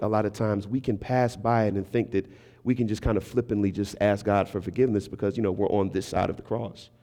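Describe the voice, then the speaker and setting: Low, mellow-voiced man preaching in a hall. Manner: conversational storytelling, acting out quoted voices; engages the congregation with asides. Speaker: guest preacher. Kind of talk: sermon. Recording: reverberant hall.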